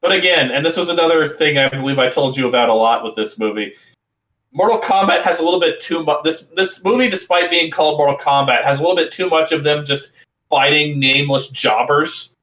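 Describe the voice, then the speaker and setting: Man, casual movie chat, slightly high bright tone, giggly and halting. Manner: giggly, avoids spoilers, stammering restarts. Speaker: co-host watching a movie.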